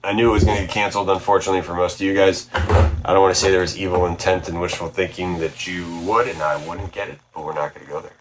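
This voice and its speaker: A man casually showing off a toy haul on his vlog, rambling and excited, often correcting himself. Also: low voice, fast, background noise. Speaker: toy collector vlogger.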